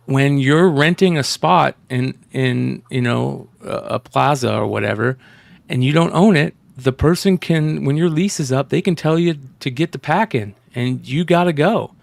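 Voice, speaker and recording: A man's voice with a gravelly, fry-edged texture and a mid-range pitch, recorded dry and close. He hosts a casual podcast chat, talking bluntly and with plenty of profanity, sounding exasperated. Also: measured pace, no echo. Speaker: podcast host.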